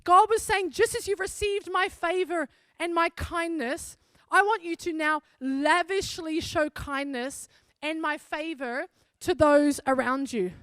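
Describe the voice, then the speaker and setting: A woman pastor with a high voice tells a story from the pulpit, earnest and conversational. The sound is close and dry, with no room around it. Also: unhurried, few pauses, a bit bright, no room sound. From South Africa. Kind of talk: sermon.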